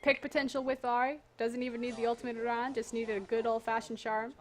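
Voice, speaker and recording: A woman's voice: fairly high pitch, level tone. Analytical female esports caster. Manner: analytical, brisk. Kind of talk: live play-by-play commentary.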